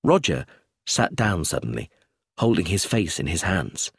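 A man narrating a story in the first person in an expressive storytelling manner. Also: sits low, unhurried, creaky, slightly rough, no echo, clean studio sound. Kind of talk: audiobook narration.

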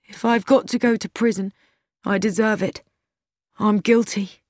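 A woman's voice: mid-range voice, fairly even intonation, unhurried, a little mellow, dry recording, studio quality, close to an everyday voice. A woman reading an audiobook, voicing a sad, anxious young man who pleads and pities himself. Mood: remorseful. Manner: pleading, self-pitying.

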